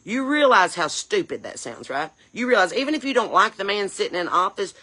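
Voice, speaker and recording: A woman with a mid-range voice, very animated, brisk, pushed and bright, plays a brash, chain-smoking mom in a character comedy rant. Indignant, she scolds and fires off rhetorical questions.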